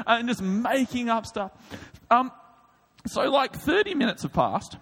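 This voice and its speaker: A man preaching a sermon, telling a comic story in an animated way with quick asides. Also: very high-pitched. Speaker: pastor. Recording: reverberant hall.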